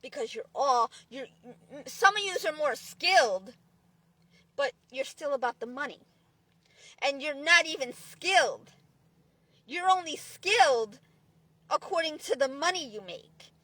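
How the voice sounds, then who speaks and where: Brief: high-pitched woman, dry close sound, swearing and lecturing in a rant. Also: expressive, measured pace, pauses often, sharp tone, no echo. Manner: profane, preachy, repetitive restarts. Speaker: vlogger. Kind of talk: angry ranting monologue.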